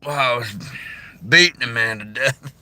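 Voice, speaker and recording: A man playing a weary outlaw cowboy who talks in a gruff drawl. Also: mid-range voice, moderate pace, bright, forceful tone, voice pushed up.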